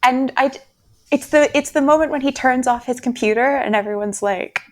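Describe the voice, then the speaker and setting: A woman's voice: high-pitched, a little fast. Giggly chatty woman hosting a podcast. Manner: chatty, giggles often between remarks. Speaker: podcast host. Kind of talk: casual chat.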